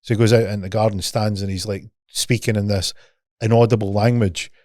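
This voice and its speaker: A man's voice: lowish voice, fairly even intonation, brisk, a little mellow, dry recording, studio quality. A man hosting a podcast, telling a long story in a casual, sweary way. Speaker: podcast host.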